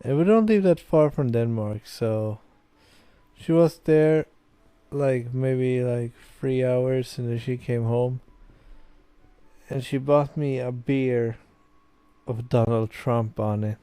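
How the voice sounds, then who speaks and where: Slow, mellow man, a bit tipsy. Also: medium pitch, smooth, dry recording. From Sweden. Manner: rambling and casual, with many fillers. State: tipsy from beer. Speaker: gaming video host. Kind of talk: let's play commentary, reading a visual novel aloud.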